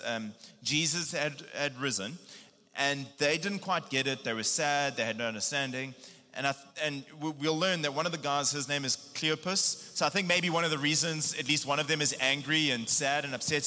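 A man preaching a casual sermon, retelling a Bible story in a lively, animated way with slang. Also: fairly high pitch, moderate pace, big-room sound. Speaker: pastor.

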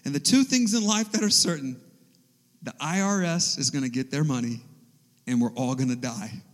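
A man preaching a sermon in a church hall, telling a personal story in an animated, conversational way. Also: mid-range voice, normal speed. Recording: echoey hall.

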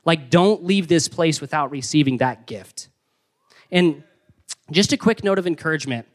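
A young man preaching a sermon in an energetic, conversational way with playful emphasis. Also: fairly high pitch, moderate pace. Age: young adult. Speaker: pastor.

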